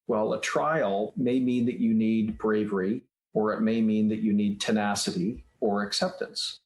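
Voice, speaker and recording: A man guesting on a podcast as an author and child psychologist explains his ideas step by step, like a teacher. His voice is fairly low with fairly even intonation and a measured pace, and the room sounds roomy and echoey.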